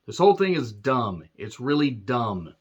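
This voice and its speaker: A man's voice: medium pitch, very animated, measured pace, husky. Profane sarcastic man ranting, dull audio. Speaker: wrestling show reviewer. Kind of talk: ranting show review.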